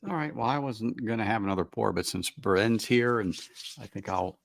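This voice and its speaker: A man hosting a live stream, chatting casually over a whiskey tasting on a video call, relaxed and stumbling into restarts. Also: lowish voice, normal speed, creaky, no echo.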